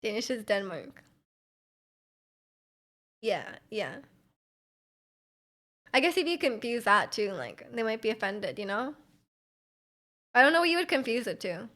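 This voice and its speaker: A young woman chatting casually on a live stream, her voice sitting a little high. She rambles loosely, fills her talk with "like" and giggles between thoughts. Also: big pitch swings, measured pace, pauses often, fairly bright tone. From Vancouver, Canada. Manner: rambling, filler-heavy with frequent "like", giggly. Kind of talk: casual chat, reading out chat.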